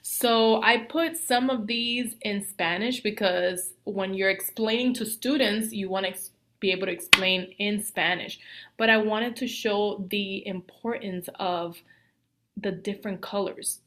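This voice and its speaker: A woman from the Dominican Republic in her thirties, a Spanish teacher giving a casual training talk, chatty and animated, dropping into whispered asides. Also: medium pitch, a little slow.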